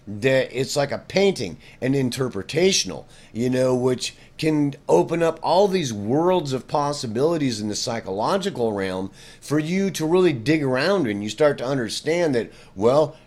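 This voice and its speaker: Middle-aged guy teaching guitar, loose rambly talk, says bro a lot, average pitch. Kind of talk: casual spoken lesson.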